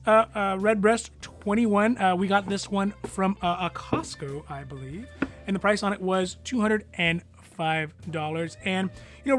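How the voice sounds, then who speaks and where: A man hosting a whiskey review vlog, talking casually in a relaxed, rambling way with lots of fillers and small chuckles. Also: sits high. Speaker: whiskey channel host.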